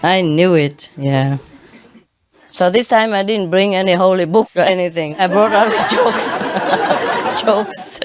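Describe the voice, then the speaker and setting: A woman's voice: mid-range voice, slow, pauses often. A woman preacher telling jokes to her congregation, often laughing at her own punchlines. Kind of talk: humorous talk to a congregation. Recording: noisy recording.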